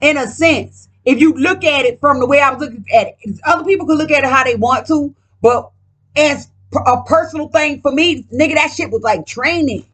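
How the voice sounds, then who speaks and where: A woman's voice: high-pitched, a little fast, a bit bright. A woman vlogger talking casually while reading tarot cards, profane and emphatic, rambling and speaking straight to her viewers.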